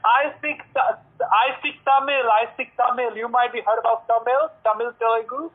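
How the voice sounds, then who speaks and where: A man's voice: extremely high pitch, steady tone, normal speed. A man with an Indian accent on a phone call as a scammer, talking evasively and tagging on "you know". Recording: tinny phone line.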